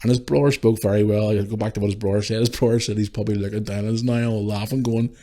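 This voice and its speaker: A middle-aged man with a Northern Irish accent hosting a podcast, speaking emotionally and haltingly in a tribute monologue, swearing and restarting his sentences. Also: mid-range voice, warm tone. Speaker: podcast host.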